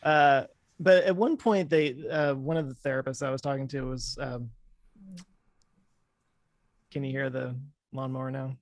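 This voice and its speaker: Relaxed man, dry close sound. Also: medium pitch, unhurried, pauses often, no echo. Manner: relaxed, hesitant with many ums. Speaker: podcast host. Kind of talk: casual conversation.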